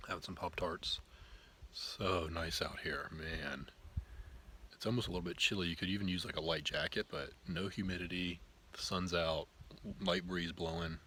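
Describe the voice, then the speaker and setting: Brief: relaxed male hiker-vlogger, lowish voice, rambling delivery, faint outdoor air behind. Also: measured pace, long pauses, a little hiss or hum. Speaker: backpacking vlogger. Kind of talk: casual trail vlog. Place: outdoors in the woods on a trail.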